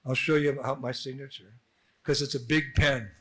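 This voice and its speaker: A man's voice: medium pitch, steady tone, normal speed, bright, forceful tone, slightly rough. A man, a monk, giving an informal temple address, telling anecdotes and acting out the dialogue. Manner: storytelling, acts out dialogue with laughs. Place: temple hall.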